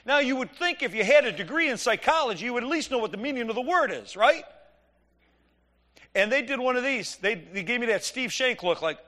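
A middle-aged man preaching, telling an animated, joking story and acting out the dialogue. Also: very high-pitched, fairly quick. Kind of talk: sermon storytelling.

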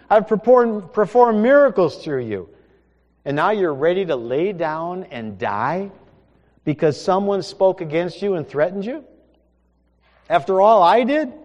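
A man's voice: sits high, pitched above the performer's own voice. A man playing God in a sermon, voicing a stern and urgent divine figure who fires questions and orders. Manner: pressing rhetorical questions. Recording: echoey hall with long reverb.

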